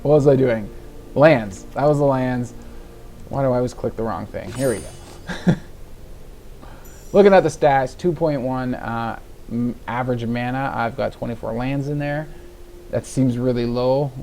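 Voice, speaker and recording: A man in casual, rambling commentary as he walks through a card game deck and plays, laughing at his own slips and sounding a little tired. His voice sits at an ordinary middle pitch. Faint music plays quietly behind him. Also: measured pace, long pauses. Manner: rambling, chatty, laughs at himself. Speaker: gaming video host.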